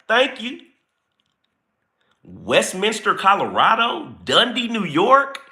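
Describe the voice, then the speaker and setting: A man hosting a casual livestream, chatting playfully and greeting viewers by name in relaxed, informal speech. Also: mid-range voice, unhurried, pauses often. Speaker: livestream host greeting chat.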